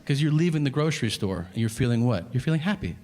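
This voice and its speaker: A man in his forties doing a profane, deadpan stand-up routine and acting out his exchanges with strangers. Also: medium pitch, fast talker. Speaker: stand-up comedian. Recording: live stage mic over crowd laughter. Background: audience laughter.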